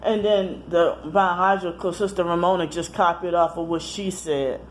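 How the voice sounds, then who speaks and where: A woman talking casually to camera in a personal monologue, rambling, halting and often correcting herself mid-sentence. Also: on the low side, steady tone, a little hiss or hum. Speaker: vlogger.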